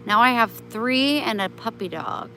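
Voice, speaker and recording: A woman's voice: fairly high pitch, normal speed, bright, forceful tone, a little hiss or hum, rough recording. A woman chatting on a casual live stream, talking kindly and motherly to her viewers and her pets.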